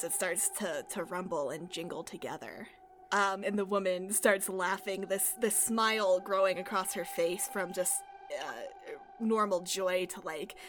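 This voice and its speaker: A woman's voice: fairly low pitch, fairly bright tone. A woman narrating a tabletop game as game master, with hesitant, giggly narration.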